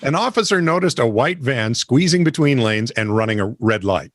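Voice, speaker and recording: A man's voice: mid-range voice, animated, moderate pace, a bit bright. Wry man reading news stories. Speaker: podcast co-host. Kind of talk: casual comedic news chat.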